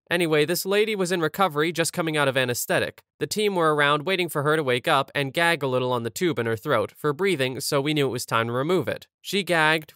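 A man reading online stories aloud as scripted narration, measured and even, with dry asides. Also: fairly high pitch, no room sound. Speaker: story reader.

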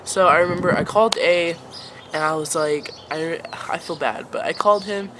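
Background noise sits under this vlogger's lowish voice as she talks at normal speed. A young woman in her late teens, she rambles through a casual storytime, saying "like" and "um" in nearly every phrase.

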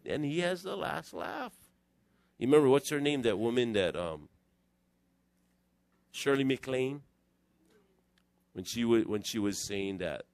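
A male pastor talks through his sermon like a conversation, drifting off into stories. His pitch leaps around expressively. The sound is dry and close, with no room echo. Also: measured pace, long pauses. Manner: digressive, animated storytelling. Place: church.

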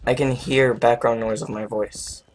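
A young man chatting excitedly while playing a game with a friend, often laughing and getting loud. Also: medium pitch, measured pace, slight background noise. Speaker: gamer. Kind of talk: casual gaming chat.

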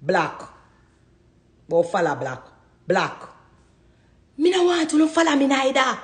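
Her high voice swings hugely in pitch while she keeps a measured pace, the recording reverberant. This woman, a social media vlogger with a Jamaican Patois accent, rants fiercely and defiantly to camera, repeating her points to hammer them in.

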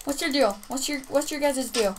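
A young woman commenting on her own gameplay, playfully trash-talking other players and shouting in bursts. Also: sits high, normal speed, heavy background noise. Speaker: gaming youtuber.

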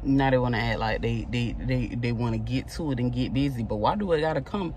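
A woman's voice: rumbling low, fairly quick, darkish tone, a little hiss or hum, poor audio. A mother venting to her vlog audience from her car, exasperated and swearing. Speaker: vlogger and mother. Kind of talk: ranting vlog. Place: parked car.

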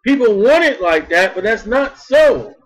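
A man preaching a sermon in an emphatic style, repeating words and swinging between loud bursts and soft asides. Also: high voice, very animated, a little slow, poor audio.

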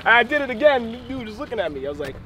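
A rowdy young man talks crudely and laughs often, his voice very high and wildly lively. He chats casually in a car. Clear road noise hums behind him on the camera mic. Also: rapid-fire. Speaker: vlogger. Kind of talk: casual joking chat.

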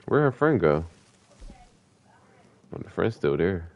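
A man giving live commentary while he plays an online game, talking casual and slangy with sudden excited yelps. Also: low-pitched, slow pace, highs cut off. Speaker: gaming streamer.

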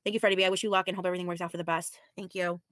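A woman's voice: fairly low pitch, little pitch movement, racing, fairly bright tone, dry recording, studio quality. Tired, frank woman in her thirties. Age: 30s. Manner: frank, blunt, sighing, with mild swearing. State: tired, weary. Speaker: livestreamer. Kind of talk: casual livestream chat reading viewer comments.

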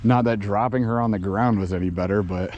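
A man vlogging from a lake shore while fishing, talking to viewers in bursts of loud exclamations and laughter. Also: fairly low pitch, fairly even intonation, brisk, highs cut off. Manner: breathless, exclaims loudly, laughs and talks to viewers. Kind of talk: excited on-the-water fishing vlog. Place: outdoors by a small lake.

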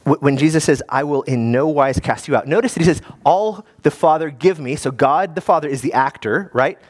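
A man, a guest pastor, preaching a sermon in a lively, conversational way with many restarts. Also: on the high side, a little fast.

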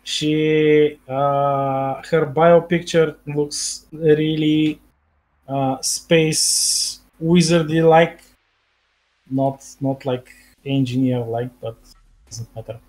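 Slow, halting game master man. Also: on the high side, steady tone, darkish tone. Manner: slow, halting narration with many fillers. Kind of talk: narrating a tabletop game over voice chat.

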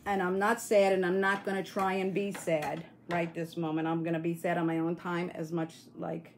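A woman's voice: fairly low pitch, little pitch movement, moderate pace, a little hiss or hum. A woman hosting a casual livestream, rambling and answering viewer comments while grieving and near tears. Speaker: livestream host.

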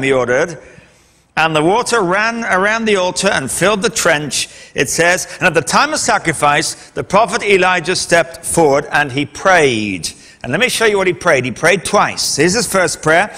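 High, bright-voiced male preacher in a reverberant hall. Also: lively intonation, normal speed. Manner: dramatic storytelling, retelling scripture with emphatic quotes. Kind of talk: sermon.

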